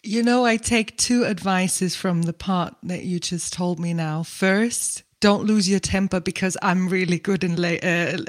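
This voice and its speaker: A woman's voice: on the low side, steady tone, measured pace. A woman interviewer who laughs now and then and uses some slightly unusual phrasing as she responds and asks questions. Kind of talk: casual interview.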